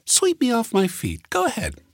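A man's voice: high voice, sing-song, measured pace, a bit bright, no echo, voice pushed up, full character voice. A man voicing a cool, sarcastic young woman mathematician who teases dryly and stays unbothered. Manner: dry, teasing, unbothered.

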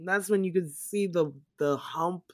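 A woman chatting casually, recapping a film in an animated way, swearing freely and acting out quotes. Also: lowish voice, a little slow, over a noisy crowd.

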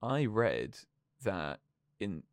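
A young man co-hosting a casual podcast, animated and self-mocking as he tells stories. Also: lowish voice, drawn-out words, no echo. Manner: animated, self-mocking, does silly voices. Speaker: podcast co-host. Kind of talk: casual chat.

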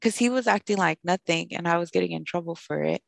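A young woman podcast host telling a personal story in a casual, animated way, with lots of "like". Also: on the low side, fast talker, gravelly, no room sound. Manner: animated, fills speech with "like", acts out quoted voices.

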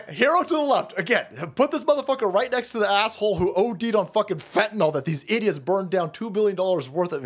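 A man hosting a commentary channel, delivering a profane, mocking political rant with loud outbursts. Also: high-pitched. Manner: foul-mouthed, mocking, loud outbursts with laughs.

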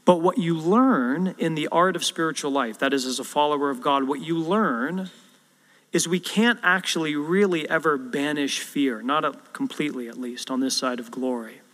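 A man's voice: fairly high pitch, moderate pace, fairly bright tone. A male pastor preaching a sermon and telling a story, acting out the quotes as he goes. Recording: long hall reverb.

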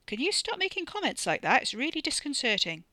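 Snappy, sarcastic young man, read by a woman, bright voice, dry close sound. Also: mid-range voice, fairly quick, dry recording, close to an everyday voice. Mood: exasperated. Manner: swearing, snappy and teasing. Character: irritable young British man, blunt and sarcastic.

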